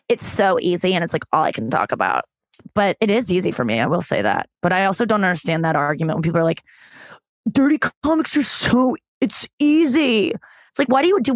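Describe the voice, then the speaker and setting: A woman's voice: medium pitch, dry recording. A woman comedian speaking as a podcast guest in a mid-range voice. She talks frankly and rambles, with many fillers and restarts. The mic is close and dry. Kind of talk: candid conversational interview.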